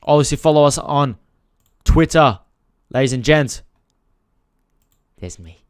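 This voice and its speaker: A man whose voice is on the high side, clear, and resonant hosts a casual football live stream with fairly even intonation at a moderate pace. Frustrated, he swears freely and addresses viewers directly. The studio-quality audio has no room sound.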